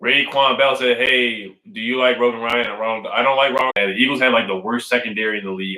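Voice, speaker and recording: A man's voice: mid-range voice, steady tone, fast talker, hardly any pauses, pushed and bright, echoey room, poor audio. A man casually chatting on a live stream, reading fan comments and repeating his points with emphasis. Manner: repetitive, emphatic, says "man" and "I really do" often. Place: at home indoors.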